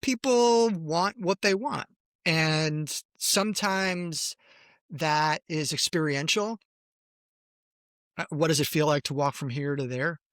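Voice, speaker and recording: A man co-hosting a podcast as a designer, speaking in a measured, thoughtful, slightly hesitant way. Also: fairly high pitch, a bit bright, no echo, clean studio sound. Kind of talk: casual chat.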